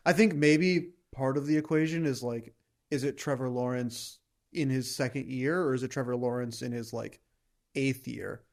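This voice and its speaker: A young man co-hosting a podcast, talking through his points in a thoughtful, measured way. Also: medium pitch, steady tone. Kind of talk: casual conversation.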